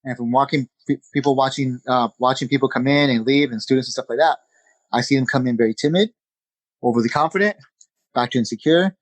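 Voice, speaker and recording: A man, a jiu-jitsu instructor, chatting as a podcast guest in an energetic, conversational way, with lots of "you know" and "man.". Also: mid-range voice, quick pace, dry recording, rough recording. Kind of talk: casual interview chat.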